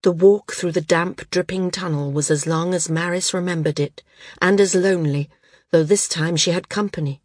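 A woman narrating a fantasy audiobook. Her telling is calm and even. The voice sits low and the recording is dry, with no room sound. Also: normal speed, no echo. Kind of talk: scripted narration.

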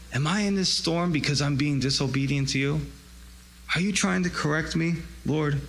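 A man's voice: medium pitch, fairly bright tone, big-room sound, a little hiss or hum, rough recording. A man preaching a conversational sermon, retelling scripture and acting out the dialogue in a casual voice.

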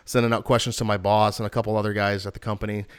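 A young man with a fairly low voice tells a long story in a loose, rambling way. He sounds exasperated and animated as he complains, and the sound is close and dry. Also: racing, smooth, dry recording. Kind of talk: casual storytelling.

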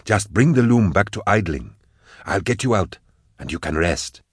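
Brief: male narrator as a tough, low-voiced ringleader, clipped and bossy. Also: expressive, moderate pace, breathy edge, no echo, clean studio sound. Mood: grim. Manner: curt, forceful orders. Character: hard, commanding male schemer.

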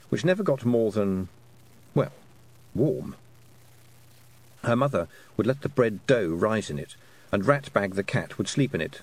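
A man narrating an audiobook in an expressive storytelling manner. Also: lowish voice. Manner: expressive storytelling, voicing the characters. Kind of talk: scripted narration.

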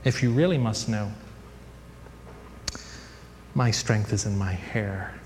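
Samson, low-voiced confiding strongman, as a man puts him on. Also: takes it slowly, darkish tone. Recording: hall reverb, faint background noise.

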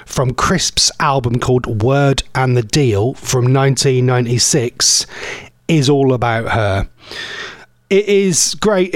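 A man's voice: on the high side, no echo, clean studio sound. A middle-aged man hosting an internet radio show, rambling and self-mocking in a casual DJ chat. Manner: rambling, chatty, self-mocking, laughs at own jokes. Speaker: radio host.

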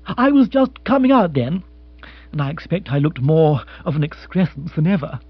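A man voicing a brisk, practical young woman, lifting his voice high and lively. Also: breathy edge, dry recording. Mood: amused, frank. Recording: dry, slightly dull audiobook.

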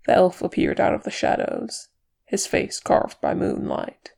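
Slow, heavily gravelly story narrator. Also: mid-range voice, flat delivery, a little mellow. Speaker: audiobook reader. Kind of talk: fan fiction narration.

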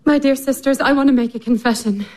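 An actress voicing a passionate, headstrong sister in a radio play. Her voice sits high and comes out in urgent, impulsive bursts. She sounds earnest and unable to hold back. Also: fast talker, darkish tone, lightly acted. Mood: confessing. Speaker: stage actress in a radio drama.

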